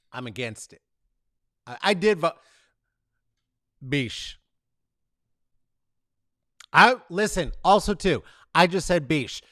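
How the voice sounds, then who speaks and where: In a clean studio recording with no echo, a man with a fairly high voice hosts a casual comedic monologue. He rambles and swears through animated rants, punctuated by mock boos and cheers. He's from the San Francisco Bay Area and has lived there for decades.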